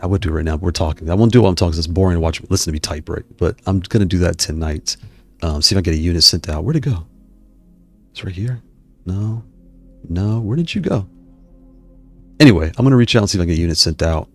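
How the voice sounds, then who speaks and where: A man's voice: low-pitched, fast talker, pauses often, soft background music. A man hosting a live stream, chatting casually with viewers in a rambling way, often stopping himself mid-sentence. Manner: rambling, self-interrupting, digressive. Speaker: YouTube host reading live chat.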